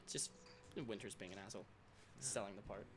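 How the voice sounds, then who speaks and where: Man, game master, low voice, lively scene narration, echoey room, background noise. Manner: quick, vivid scene-setting narration.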